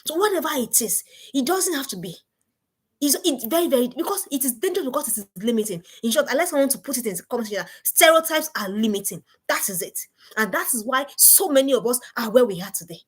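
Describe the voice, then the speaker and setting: A woman in middle age gives a motivational talk to parents. Her voice sits fairly high and sounds husky. Her pitch rises and falls widely as she presses her points with repeated questions. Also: expressive, fast talker. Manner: emphatic, repeats rhetorical questions. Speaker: parenting speaker.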